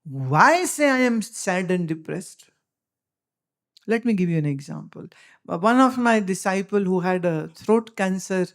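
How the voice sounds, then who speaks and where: Emphatic Indian English woman teaching. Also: on the low side. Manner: emphatic, rhetorical questioning, lecturing. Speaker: spiritual teacher. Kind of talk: spiritual discourse to followers.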